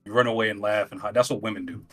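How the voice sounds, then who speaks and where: A man co-hosting a casual stream chat, mocking and emphatic with drawn-out jabs. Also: lowish voice, fairly even intonation, fairly bright tone. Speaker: co-host on stream.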